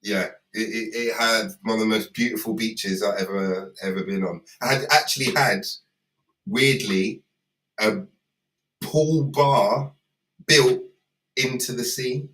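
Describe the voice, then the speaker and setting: A man's voice: on the low side, measured pace, fairly bright tone, echoey room, distant mic, low-quality recording. A man chatting casually and telling stories on a livestream, laughing often. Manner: laughing, storytelling, loose and chatty. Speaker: performer co-hosting a livestream. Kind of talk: casual chat.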